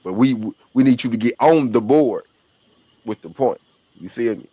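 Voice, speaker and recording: Medium in pitch, fairly quick, and warm in tone, this Southern-accented man hosts a live stream watching basketball. He's slangy and casual, laughing frequently while joking and trash-talking, and the audio is dull and lo-fi.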